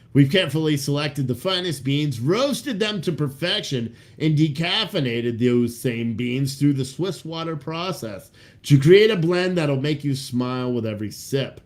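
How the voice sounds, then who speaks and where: A man hosting a casual show, reading over-the-top coffee ad copy aloud, swearing freely and laughing at his own jokes. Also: fairly high pitch. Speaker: podcast host.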